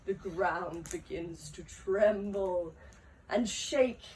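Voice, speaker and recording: Slow, laughing woman storyteller. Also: on the low side, a little mellow. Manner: unhurried, often laughing mid-sentence. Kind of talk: live oral storytelling. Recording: live recording from a distance with faint noise.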